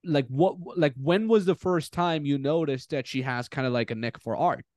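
A man hosting a podcast, who speaks in a relaxed, casual way and laughs easily. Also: a little high, moderate pace, no room sound, studio quality. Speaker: podcast host. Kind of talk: casual chat.

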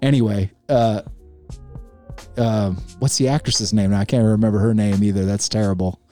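A man casually ranting about a film on his show, animated and mocking, with a faint music bed. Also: lowish voice, moderate pace. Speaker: podcast host reviewing a film. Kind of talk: casual opinionated chat.

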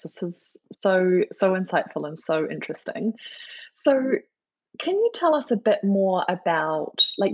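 Host: woman, husky voice, dry close sound, warmly affirming tone. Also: on the low side, dry recording. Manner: effusive, affirming interviewer. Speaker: podcast host. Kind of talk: casual podcast conversation.

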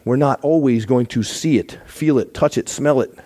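Earnest male church teacher, emphatic sermon delivery, warm tone. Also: mid-range voice, moderate pace.

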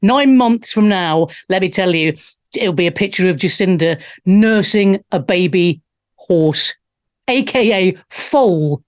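A woman's voice: fairly low pitch, expressive, takes it slowly. A woman from England hosting a live talk show, brash, jokey and outspoken in her monologue.

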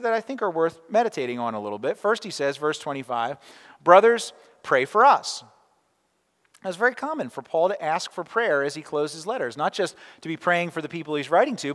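A man preaching a sermon in a church sanctuary, his voice sitting a touch high for a man. He talks in an easy, conversational way, throwing in rhetorical questions and asides. A long reverb trails each phrase. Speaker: pastor.

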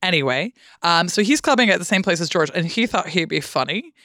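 A woman guest on a podcast, chatting casually and ranting with lively, sweary indignation. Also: fairly low pitch, fairly quick, dry recording, studio quality. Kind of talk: casual chat.

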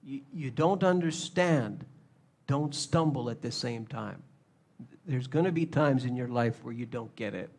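A man preaching a sermon, animated, acting out little scenes in shifting voices. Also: mid-range voice. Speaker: pastor.

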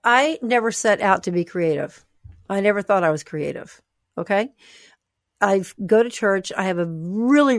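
Expressive woman author, dry sound. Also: mid-range voice, no room sound. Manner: animated, expressive, playful. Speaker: author and guest. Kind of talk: conversational interview.

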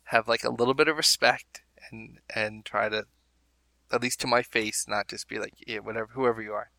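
A man's voice: medium pitch, steady tone, moderate pace, vocal fry, pushed and bright, no room sound. A man co-hosting a podcast, chatting casually and rambling with amused asides. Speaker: podcast co-host. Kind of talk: casual chat.

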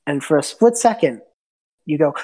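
A woman game master narrating a tabletop game, animated and swearing casually as she voices the characters. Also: deep voice, normal speed, breathy edge.

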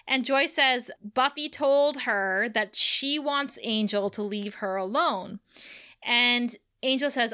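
A woman co-hosting a casual podcast, recapping a TV episode with animated storytelling and acting out the characters' lines. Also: on the high side, unhurried, clean tone. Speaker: podcast co-host.

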